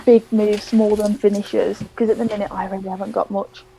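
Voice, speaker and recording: A woman's voice: mid-range voice, little pitch movement, brisk, gravelly, mellow, a little hiss or hum, poor audio. A woman, a guest wrestler chatting casually, hesitant and laughing at times. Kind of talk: casual chat.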